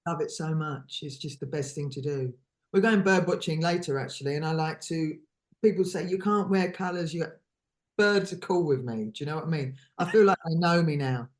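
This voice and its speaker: A woman's voice: low voice, brisk. A woman chatting as a podcast guest, effusive and giggly, laughing between phrases and trailing off into restarts. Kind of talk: casual chat.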